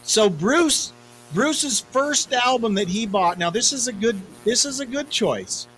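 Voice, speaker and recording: A man's voice: very high voice, animated, measured pace, fairly bright tone, slight background noise, rough recording. A man in his fifties co-hosting a podcast in casual chat, telling self-deprecating stories. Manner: chatty storyteller, self-deprecating. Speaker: podcast co-host.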